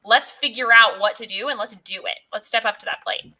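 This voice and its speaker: A woman's voice: a little high, fairly quick, pushed and bright. A woman interview guest who argues her points fluently, earnestly and persuasively. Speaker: guest, pro-life advocate. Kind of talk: casual conversational interview.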